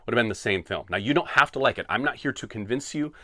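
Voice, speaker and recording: A man hosting a solo podcast, talking in an animated, sarcastic, tongue-in-cheek way. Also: mid-range voice, fast talker, no echo, clean studio sound. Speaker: podcast host. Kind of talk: opinionated solo podcast rant.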